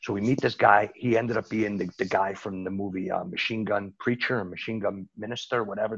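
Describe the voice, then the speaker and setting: A man with a very husky, gravelly voice tells a long story in a relaxed, rambling way, circling back and restarting his sentences. The recording is a little dull and lo-fi. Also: lowish voice. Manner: rambling, with frequent restarts and asides. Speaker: interview guest recounting his bookmaking days. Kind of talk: casual storytelling.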